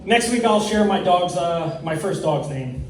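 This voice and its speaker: A man's voice: high-pitched, animated, a little slow, crowd noise. A young man from New York doing a stand-up comedy set on stage, with a rehearsed, slightly stiff delivery and long setups. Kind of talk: stand-up set at an open mic. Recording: echoey room, mic far off.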